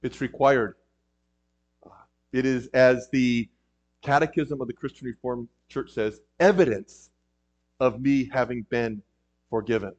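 A man's voice: medium pitch, a little slow, long pauses. A man preaching a sermon in a conversational way, with frequent ums and emphatic rises. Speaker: pastor. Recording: dull lo-fi recording.

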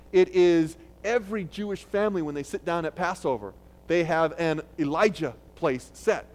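A male pastor delivers a sermon in an easy, conversational way. His voice sits a little high for a man. He restarts phrases often and gets louder when he quotes a text. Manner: conversational preaching with restarts, loud when quoting.

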